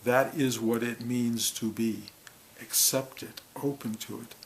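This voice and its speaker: A man speaking as a spiritual teacher to a gathering, earnest and heartfelt, in short halting phrases. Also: medium pitch, fairly even intonation, slight background noise, poor audio. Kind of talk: reflective spiritual talk to a gathering.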